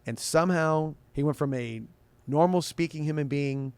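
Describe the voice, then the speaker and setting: Slightly high yet darkish and smooth, this man's voice moves at a normal pace in a dry recording. Hosting a sports radio show, he answers listeners' questions casually, wandering and often starting his sentences over.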